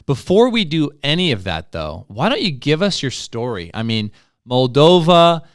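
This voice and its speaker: A man co-hosting a real estate podcast, joking and energetic as he introduces a guest. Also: a little high, normal speed, clear, resonant tone, dry recording, studio quality. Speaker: podcast co-host.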